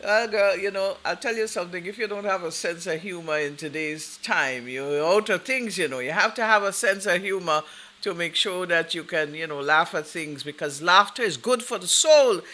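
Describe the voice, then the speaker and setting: A man hosting a radio show, chatting casually, giving shout-outs to listeners and offering folksy advice, laughing easily. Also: sits high, moderate pace.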